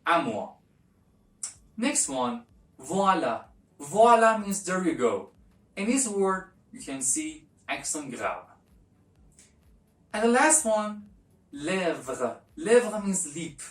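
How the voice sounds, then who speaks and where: A woman teaching a language lesson, explaining slowly and repeating each example with fillers. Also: low-pitched. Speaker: French teacher. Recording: echoey room, distant mic.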